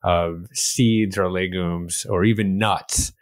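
Man, podcast host, deep voice, summarizing, dry close sound. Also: fairly even intonation, slow pace, no echo. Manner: thoughtful, summarizing, affirming. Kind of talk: interview conversation.

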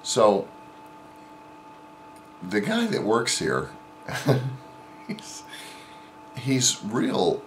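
Deep-voiced guy rambling through a funny story, lots of ups and downs in his voice, faint hiss behind him. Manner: rambling, with many fillers and restarts. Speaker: vlogger. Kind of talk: casual storytelling.

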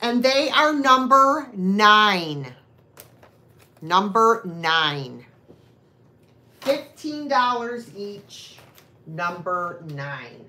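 A woman's voice: mid-range voice, big pitch swings, extremely slow, long pauses, pushed and bright. A woman hosting a live online sale, chatting casually with buyers and making rambling, self-deprecating asides. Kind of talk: casual live-stream selling chat.

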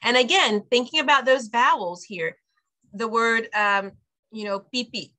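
A middle-aged woman leads an online Spanish lesson for parents, her voice bright and crisp. She explains patiently, slows down to model each word and laughs easily. The sound comes through a video call. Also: fairly high pitch. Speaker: preschool director teaching Spanish.

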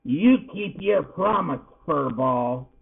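A man's voice: high-pitched, slow pace, voice pushed up, exaggerated voice. A man voicing a grumpy, demanding old male porcupine who grumbles his words. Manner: gruff, grumbling. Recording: tinny phone-like sound.

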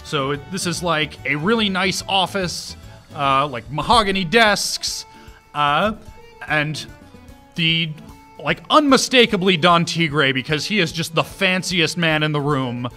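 A man's voice: on the high side, slow, pushed and bright, faint music behind. A man running a tabletop game as dungeon master, narrating in a loose way full of laughs and fillers.

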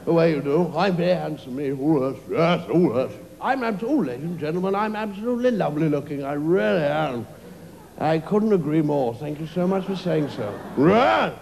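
Live on a comedy club stage, a man does a stand-up character bit as a vain, preening guy smugly boasting about his looks. His voice is on the high side, creaky and darkish, with lively intonation at normal speed. The venue is reverberant with faint ambience and a little hiss or hum.

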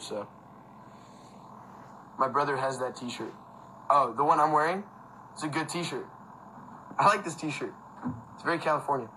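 Young man, bright voice, casual livestream chat, filler-heavy, laughs often, phone mic, faint background noise. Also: medium pitch, low-quality recording. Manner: loose, filler-heavy talk with frequent laughs. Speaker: livestream host. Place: indoors at home with a fan.

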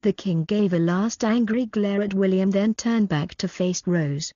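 A woman narrating an audiobook in an even, flat reading that even reads out edit notes. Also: mid-range voice, measured pace, no room sound. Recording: dull lo-fi audio.

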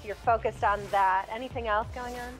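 A woman's voice: a little high, steady tone, faint music behind, poor audio. A woman hosting an interview, asking questions in a playful, joking way. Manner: playful, joking, quick to laugh between questions. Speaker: interview host.

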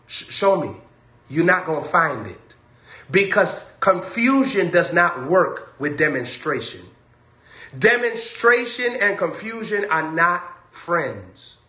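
A man's voice: on the high side, pushed and bright, echoey room. A man preaching a sermon on a livestream, emphatic and repetitive, hammering his key phrases over and over.

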